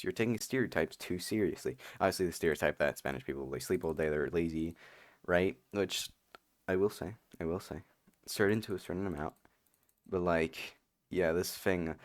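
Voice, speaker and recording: Low-voiced man doing sarcastic commentary. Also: no room sound, studio quality. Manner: rambling and sarcastic, full of "like" and "you know". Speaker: commentary host. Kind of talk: casual reaction commentary.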